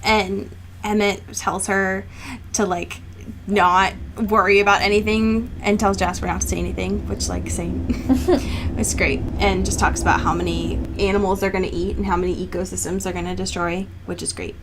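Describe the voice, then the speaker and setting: Woman podcast co-host, mid-pitched, casual book recap, sarcastic and animated delivery. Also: normal speed, noisy background. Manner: animated, sarcastic, swears and laughs often.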